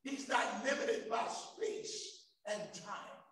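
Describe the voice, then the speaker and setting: A man preaching a sermon as pastor, calling to the congregation and rising to shouts at his peaks. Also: extremely high pitch, big pitch swings, slow. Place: church sanctuary. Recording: echoey hall from far off.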